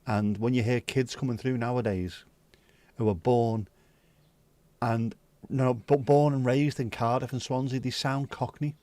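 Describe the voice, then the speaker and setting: A man's voice: mid-range voice, steady tone, unhurried, dark tone, no echo. Rambling man chatting on a livestream. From Wales. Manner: rambling, swears freely, muses aloud. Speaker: livestream host. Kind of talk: casual chat with viewers.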